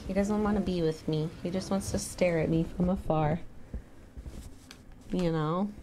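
A woman in her thirties chatting casually on a live stream. She swears freely, bursts into loud exclamations, and coos softly to her pet. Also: fairly low pitch, fairly even intonation, a little slow, pauses often, noisy background. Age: 30s.

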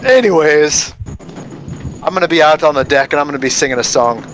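A man's voice: fairly high pitch, rapid-fire, fairly bright tone, slight background noise. A tipsy man playing a tabletop game, chatting playfully and staying in a put-on character accent. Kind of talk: casual chat at a game table.

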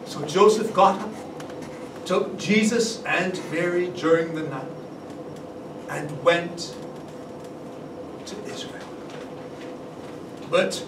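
A man telling a scripture story in a measured, solemn way in a church. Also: high-pitched. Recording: echoey church sound from a distant mic with background noise.

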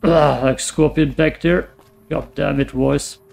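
A man casually commenting on his own gameplay, muttering to himself and swearing often, his voice getting hoarse. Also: fairly high pitch, fairly even intonation, slow, darkish tone. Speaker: let's play gamer.

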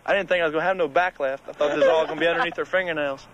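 A man's voice: fairly high pitch, steady tone, racing, lo-fi sound, a loud crowd. Crude, laughing young man. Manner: crude, laughing, acts out voices in his stories. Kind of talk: bragging storytelling among friends. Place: outdoors.

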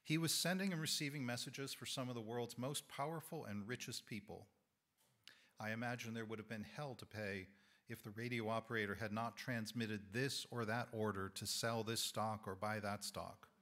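Hoarse man, lay preacher; thoughtful, measured sermon delivery. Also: fairly low pitch, steady tone, a bit bright. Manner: thoughtful, measured, with small self-corrections. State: hoarse, losing his voice. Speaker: lay speaker giving a sermon. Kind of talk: reflective sermon talk. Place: church sanctuary.

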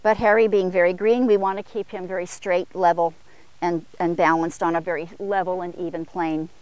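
A woman horse trainer explaining longeing technique between short commands to a horse, her voice rising in pitch for upward gaits. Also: fairly even intonation, moderate pace, darkish tone, smooth. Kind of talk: instructional demo while longeing a horse. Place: outdoor arena corner.

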